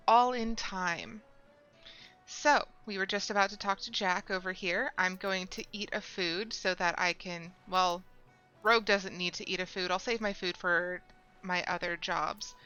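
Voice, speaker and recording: A woman's voice: mid-range voice, measured pace, sharp tone, clear, resonant tone, muffled recording, soft background music. A woman streaming a video game, chatting casually to her viewers as she plays. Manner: chatty, talks to viewers while playing. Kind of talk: casual live-stream commentary.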